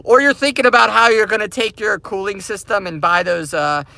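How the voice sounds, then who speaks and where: A man's voice: sits high, steady tone, brisk, gravelly, pushed and bright. A man hosting a crypto mining channel, ranting casually to his viewers from inside his parked car, repetitive and emphatic.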